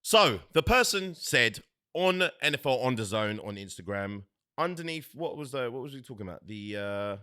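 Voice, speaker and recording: A man's voice: mid-range voice, big pitch swings, normal speed, sharp tone, clear, resonant tone. A man hosting a casual sports chat show, playful and teasing, leaning hard on his points. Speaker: show host.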